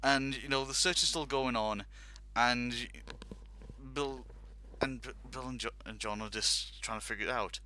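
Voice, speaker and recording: A man's voice: medium pitch, normal speed, bright, forceful tone, slight background noise. A man hosting a casual talk show, telling a long funny anecdote with laughs and acted-out quotes. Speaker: podcast host telling a story. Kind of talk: casual storytelling.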